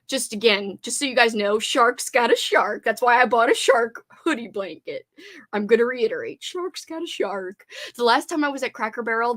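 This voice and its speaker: A woman's voice: fairly high pitch, fairly bright tone. A young woman, chatting bubbly and casual on a livestream, reading viewer comments aloud and answering them. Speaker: livestream host reading chat.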